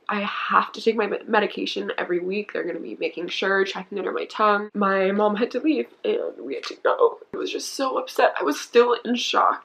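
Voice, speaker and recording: A woman's voice: medium pitch, creaky, a bit bright, low-quality recording. A young woman in her twenties, telling a painful personal story on camera in a candid, emotional way, her voice often dropping to a near-whisper. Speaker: YouTuber.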